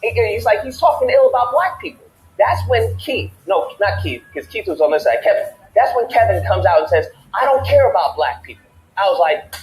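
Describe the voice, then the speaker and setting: A man's voice: high voice, very animated, brisk, reverberant, rough recording. A man hosting a casual talk show, telling a heated story and acting out both sides of the argument. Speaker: podcast host. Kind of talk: animated storytelling rant.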